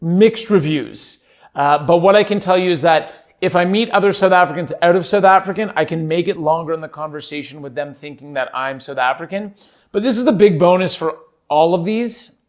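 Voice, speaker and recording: A man's voice: on the high side, brisk. A man from Canada hosting a solo podcast, rambling playfully in a put-on Irish accent that slips now and then. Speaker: podcast host.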